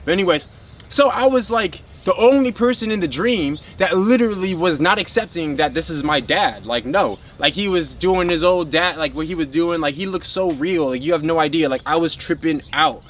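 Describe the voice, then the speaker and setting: A man's voice: a little high, lively intonation, moderate pace, a bit bright, slight background noise. A man talking casually and spiritually to his viewers in a rambling way, full of filler words. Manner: addresses viewers as a group. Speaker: spiritual vlogger.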